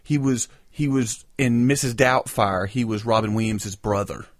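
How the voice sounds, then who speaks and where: On a podcast he co-hosts, this man rambles and jokes through animated stories in casual chat. His voice runs on the low side at a normal speed, recorded at studio quality with no room sound.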